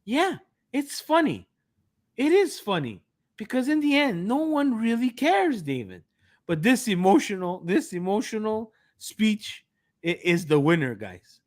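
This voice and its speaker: Animated, ranting podcast co-host man. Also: high-pitched, a little slow. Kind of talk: casual podcast chat.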